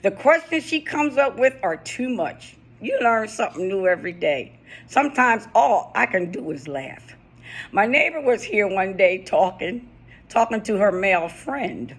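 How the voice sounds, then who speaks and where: A woman's voice: mid-range voice, animated, unhurried. A middle-aged woman with a US East Coast accent, talking casually in a personal vlog and reading her own poem, often laughing and repeating phrases for emphasis. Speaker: vlogger.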